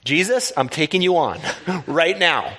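A man voicing an exasperated woman host who airs her grievances in a fast, indignant rush. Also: a little high, animated, a bit bright, long reverb tail. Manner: indignant, rapid complaining.

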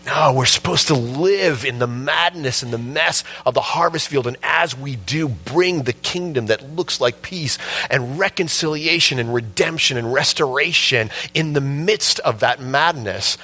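A man preaching a sermon, telling a story with passion and building to shouts at its peak. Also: medium pitch, unhurried, slightly rough. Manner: impassioned storytelling, rising to shouts at the climax. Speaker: pastor.

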